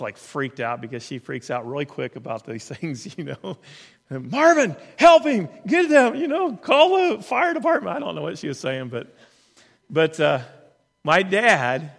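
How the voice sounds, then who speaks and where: A man's voice: mid-range voice, fairly bright tone. A man telling a personal story in an earnest, conversational way, often restarting his sentences. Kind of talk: storytelling in a talk. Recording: long hall reverb.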